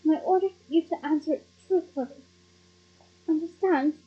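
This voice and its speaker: A woman's voice: high voice, moderate pace, muffled recording, natural voice. A woman voicing a determined teenage boy wizard who speaks urgently and gives commands, in a storybook reading. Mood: stern.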